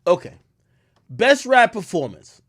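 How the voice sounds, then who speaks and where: A man's voice: sits high, very animated, a little slow, slightly rough, no room sound, clean studio sound. A man streaming live, chatting loosely with his viewers and swearing freely. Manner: loose and profane, reacting to chat, swings loud and quiet. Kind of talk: casual livestream chat.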